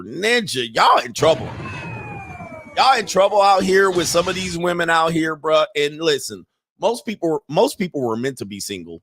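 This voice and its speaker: A man's voice: fairly high pitch, moderate pace, a little hiss or hum. Blunt, slangy middle-aged man. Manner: blunt, slangy, profane, animated. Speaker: host reacting to interview clips. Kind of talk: casual commentary.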